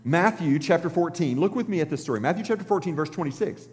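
Male pastor, sermon, conversational and animated, lively swooping pitch, long hall reverb. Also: quick pace, hardly any pauses. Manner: conversational and animated, acts out scripture.

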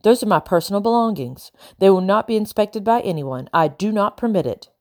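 A woman's voice: medium pitch, animated, fairly quick, mellow, close to an everyday voice. A woman voicing a haughty, wealthy lady who gives orders in a clipped, indignant tone in an audiobook. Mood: imperious.

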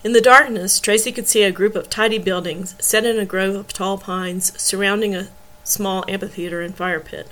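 A woman reading a novel aloud in steady storytelling narration. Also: mid-range voice, normal speed, low-quality recording. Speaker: audiobook reader.

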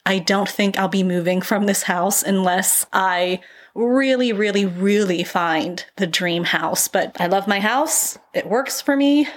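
A woman's voice: medium pitch, a little slow. A woman hosting her own writing podcast, talking casually into a microphone in a chatty, self-deprecating way and laughing easily. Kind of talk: casual solo podcast chat.

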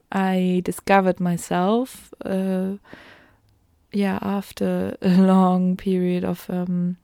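A woman with a German accent hosting her own solo podcast, talking slowly and reflectively with many pauses and ums. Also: lowish voice, creaky, warm tone, dry recording, studio quality. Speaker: podcast host.

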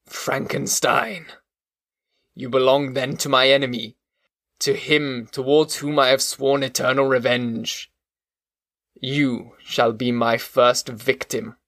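Man doing a cold vengeful creature, slow deliberate menace, mid-pitched, dry close read. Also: little pitch movement, a bit bright, dry recording. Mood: grim, vengeful. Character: vengeful grown male creature, bitter and cold.

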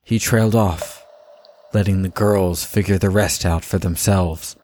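Deep-voiced male audiobook narrator. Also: slight background noise. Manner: measured, even storytelling delivery.

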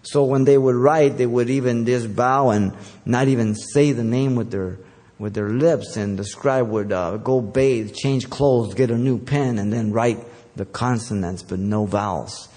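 A man's voice: medium pitch, a little slow, darkish tone, big-room sound. A man preaching a conversational sermon as pastor, with filler words and self-corrections along the way.

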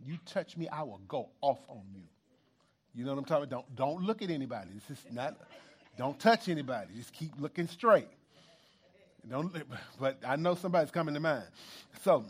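High-voiced animated male preacher. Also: normal speed. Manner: animated, emphatic preaching with repetitions and asides to the congregation. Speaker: pastor. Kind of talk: sermon. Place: church.

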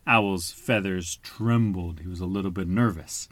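A man's voice: low-pitched, measured pace, fairly bright tone, dry recording. Patient man reading a picture book to a child. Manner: patient, explains words simply. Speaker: storybook reader.

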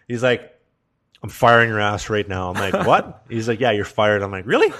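A man's voice: medium pitch, a little fast. A young man hosting a podcast, telling a crude work story in casual chat with lots of laughter. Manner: laughing, crude, animated anecdote. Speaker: podcast host.

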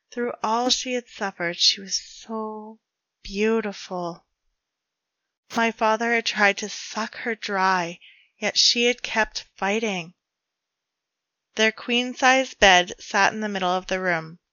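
A woman reading her own dark fiction aloud in a measured way, hushed in quieter passages. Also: mid-range voice, dry recording, lo-fi sound. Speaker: storyteller.

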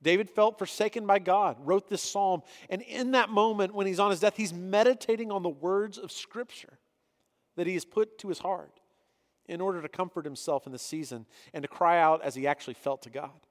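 High-voiced pastor in a reverberant space. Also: male voice, moderate pace. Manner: reads scripture aloud, then explains it earnestly. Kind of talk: sermon.

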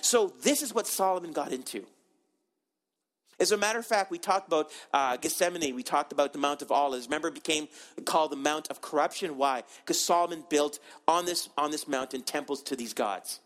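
A man's voice: on the high side, a little fast, fairly bright tone. A man preaching a sermon, earnest and emphatic, with frequent restarts. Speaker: pastor.

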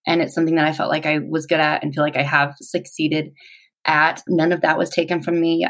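A woman in her forties telling her personal story in an interview, reflective and halting, with pauses. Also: sits low, gravelly, low-quality recording.

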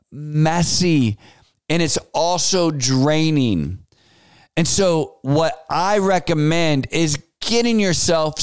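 A man in his forties hosting a solo podcast, giving advice in a folksy, animated storytelling way. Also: a little high, clean tone, no echo. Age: 40s. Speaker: podcast host.

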